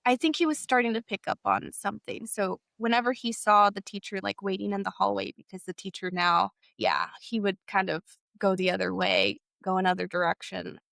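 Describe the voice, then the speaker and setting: A woman's voice: medium pitch, fairly even intonation, brisk, creaky, few pauses, a bit bright, no room sound. Young Texan woman telling her story, dry close sound. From Texas. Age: young adult. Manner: casual, heavy use of "like", acts out past dialogue. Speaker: interview guest. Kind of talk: personal storytelling in an interview.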